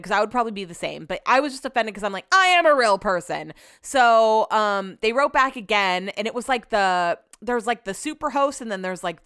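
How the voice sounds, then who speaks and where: A woman with a smooth, clear mid-range voice, telling stories in loose casual chat. She swears freely and slips into acting out her own lines. The sound is dry and close. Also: medium pitch, fairly bright tone, no room sound. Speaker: host.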